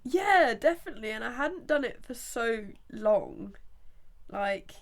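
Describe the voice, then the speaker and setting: A woman's voice: a little high, expressive, unhurried. A woman in her late twenties co-hosting a casual podcast chat, congested, rambling with lots of "like" and frequent laughter. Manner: rambling, full of "like", laughs often. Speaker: podcast co-host.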